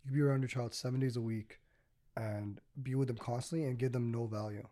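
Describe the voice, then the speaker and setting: There's crowd noise behind this man's fast, steady, mid-range voice as he hosts a laid-back podcast. He rambles through stories, leaning heavily on "like" and "you know."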